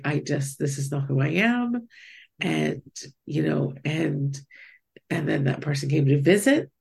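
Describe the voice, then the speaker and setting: A woman from Pennsylvania telling an animated personal story in a casual chat. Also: sits low, vocal fry, breathy edge. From US East Coast, Pennsylvania. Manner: animated storytelling, quoting others.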